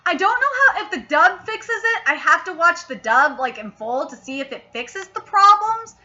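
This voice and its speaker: A young woman hosting a casual anime review, excitable and swearing freely as she rants in frustration. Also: extremely high pitch, normal speed, highs cut off. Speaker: anime reviewer, channel host.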